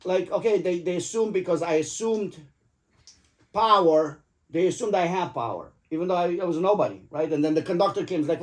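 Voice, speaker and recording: A middle-aged man with a slightly high voice tells jokey, rambling stories over dinner. He drops casual profanity and never hurries to the point. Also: brisk. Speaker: father telling stories to his family. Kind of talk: casual storytelling at the dinner table.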